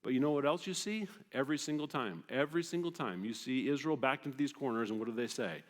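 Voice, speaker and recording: A man preaching a sermon as pastor, conversational and animated, often checking in with the congregation. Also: medium pitch, fast. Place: church sanctuary. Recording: long hall reverb in a church.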